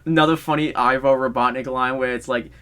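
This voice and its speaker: A young man hosting a podcast, chatting casually about a movie he saw, excitable and quick to laugh. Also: mid-range voice, clear, resonant tone. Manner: excitable, laughs often, acts out movie lines. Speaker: podcast host. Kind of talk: casual movie review chat.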